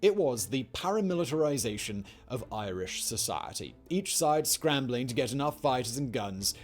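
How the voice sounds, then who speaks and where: A man's voice: medium pitch, very animated, moderate pace, soft background music. A man narrating a scripted history piece with wry, jokey asides. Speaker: documentary narrator.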